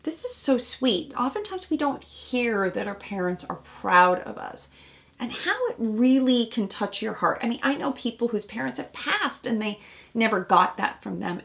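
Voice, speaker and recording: A woman's voice: medium pitch, animated, normal speed, gravelly, a bit bright. A woman therapist giving chatty, reflective commentary on a reality TV episode and acting out quotes from the show.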